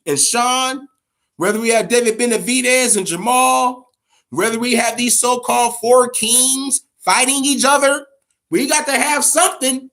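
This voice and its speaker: A man's voice: extremely high pitch, steady tone, unhurried, a bit bright. A man hosting a boxing podcast, giving casual, opinionated commentary full of swearing and repeated emphasis. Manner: profane, emphatic, repeats himself.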